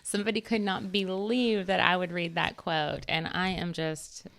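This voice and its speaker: A woman's voice: on the low side, steady tone, moderate pace, gravelly, crowd noise. A woman co-hosting a podcast, reacting in a wry, casual way. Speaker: podcast co-host. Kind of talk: casual commentary chat.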